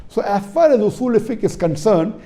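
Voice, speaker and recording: Emphatic lively-voiced man lecturing. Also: high-pitched, normal speed. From India. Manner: emphatic, repetitive, asks the audience questions; spells words out letter by letter. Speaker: Islamic preacher. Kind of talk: religious lecture to an audience.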